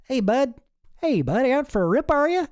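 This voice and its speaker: A man's voice: extremely high pitch, very animated, normal speed, no echo, studio quality, pitched above the performer's own voice. A man voicing a laid-back rural Canadian male AI buddy, drawling and full of slang. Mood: soothing.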